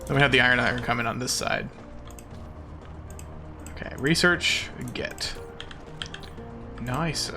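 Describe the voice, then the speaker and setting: A man's voice: medium pitch, unhurried, pauses often, music in the background. A man streaming a game as a VTuber, chatting casually with his viewers in a playful, self-mocking, jokey way.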